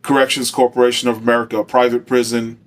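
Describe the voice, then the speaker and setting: Middle-aged man, ex-corrections officer, casual rambling storyteller, average pitch. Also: little pitch movement, fast talker. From Arizona. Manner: loose and rambling, heavy on fillers. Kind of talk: casual first-person storytelling.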